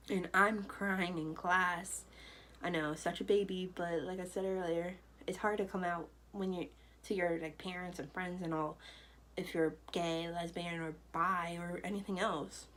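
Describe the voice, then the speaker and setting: Young woman, casual vlog storyteller, slightly low voice, chatty and rambling. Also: fairly even intonation, a little slow, a bit bright, rough recording. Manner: chatty, loose, full of "you know" and "like". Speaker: vlogger. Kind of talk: personal storytelling to camera.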